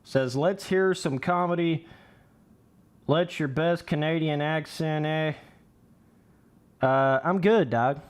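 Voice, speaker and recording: A man's voice: a little high, slow, long pauses, smooth. A young man giving casual, rambling livestream commentary while playing a game, swearing freely. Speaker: gaming livestreamer.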